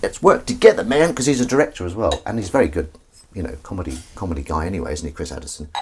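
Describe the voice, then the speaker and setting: Punning man with lively pitch. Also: very fast, slightly rough. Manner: punning, self-mocking, chatting to viewers. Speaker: livestream host. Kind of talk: casual livestream chat while washing up. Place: home kitchen.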